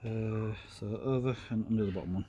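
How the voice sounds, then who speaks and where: A man with a fairly low voice chats loosely as he works through a craft project, filling pauses with ums and drifting into side topics. There is a faint room noise underneath. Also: dark tone, muffled recording. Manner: rambling, filler-heavy, talks while working with his hands. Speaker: streamer. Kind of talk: casual craft tutorial chat.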